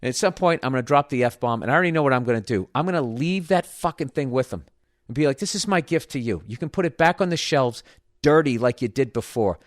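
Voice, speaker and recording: A middle-aged man rants through a story on his podcast, swearing freely and sounding thoroughly exasperated. His voice sits at an ordinary middle pitch. The sound is close and dry, with no room echo. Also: expressive, fast talker. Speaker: podcast host. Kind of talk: comedic podcast rant.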